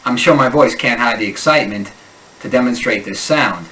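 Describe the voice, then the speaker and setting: A man teaching an accent lesson, slowly and deliberately drilling sample words. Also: medium pitch, bright, forceful tone, far from the mic, poor audio. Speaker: accent coach.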